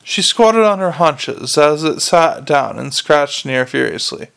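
A man's voice: a little high, animated, unhurried, gravelly, fairly bright tone, clear, resonant tone. A man narrating a novel aloud in a plain, unpolished reading with frequent restarts. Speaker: audiobook reader.

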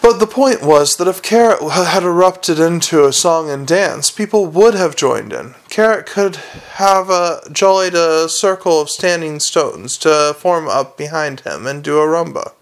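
Gravelly male audiobook narrator. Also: on the high side, unhurried, few pauses. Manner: wry, steady reading with small slips. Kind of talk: reading a novel aloud.

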